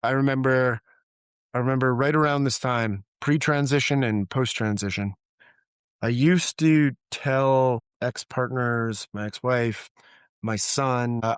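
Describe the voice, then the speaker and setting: A middle-aged man telling candid personal stories in a relaxed conversational way, reflective and animated when he quotes people. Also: mid-range voice, measured pace, smooth, no echo, clean studio sound. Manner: reflective, acts out quoted dialogue with laughs. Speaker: podcast guest, therapist.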